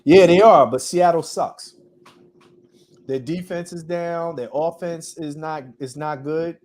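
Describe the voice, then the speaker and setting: A man's voice: a little high, slow pace, darkish tone. A man co-hosting a sports podcast, chatting casually about football picks, rambling with frequent restarts. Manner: rambling, restarts often, trails off with ums. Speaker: podcast co-host.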